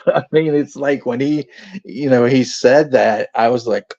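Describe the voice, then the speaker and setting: A man's voice: mid-range voice, a little slow, gravelly, a little mellow, dry recording. A man telling casual anecdotes on a watch party stream, laughing often and swearing freely. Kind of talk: casual storytelling chat. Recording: dull lo-fi dry sound.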